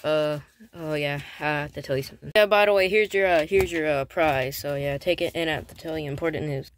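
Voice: a little fast, hardly any pauses. A speaker improvising a silly skit with toys, rambling with lots of fillers and restarts. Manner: switches to whispers and loud squeaky outbursts.

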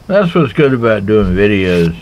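A man's voice: fairly low pitch, sing-song, moderate pace, darkish tone, low-quality recording. A man casually reviewing knives in a rambling, joking way, talking to himself as he handles them outdoors. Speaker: knife reviewer. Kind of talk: casual knife review vlog. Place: outdoors in a backyard.

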